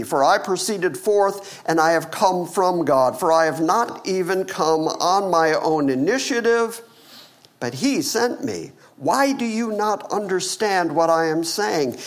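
A male pastor preaching a sermon, with wry asides and dramatic swings in pitch, dropping low for emphasis.

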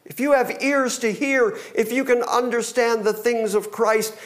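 A man's voice: extremely high pitch, fairly even intonation, a little slow. A man preaching a sermon, emphatic and plain-spoken, with wry asides.

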